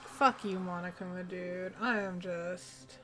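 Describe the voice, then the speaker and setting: A woman's voice: lowish voice, fairly even intonation, slow pace, bright, forceful tone. A young woman streamer chatting casually while playing, venting in emphatic, expletive-heavy bursts. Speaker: game streamer. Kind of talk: casual live-stream chat. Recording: stream with faint background music.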